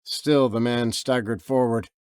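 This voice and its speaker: A man narrating his own horror novel in an expressive, lively way. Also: unhurried, clean tone, no room sound, clean studio sound. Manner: lively, expressive reading, with low growled voices for the father. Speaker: author and narrator.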